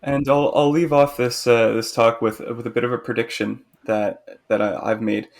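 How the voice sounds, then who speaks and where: A male podcast co-host who talks at length and is firm in his views, often ribbing his partner. His voice sits at a middle pitch. It has a gravelly, creaky texture. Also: level tone, normal speed. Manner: opinionated, talkative, teasing. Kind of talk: casual chat.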